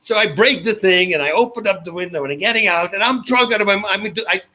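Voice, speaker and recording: A man telling stories as a radio interview guest, his voice pitched high with a sharp, forceful edge. He rushes through run-on anecdotes and laughs often. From Netherlands. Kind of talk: animated storytelling in a casual interview.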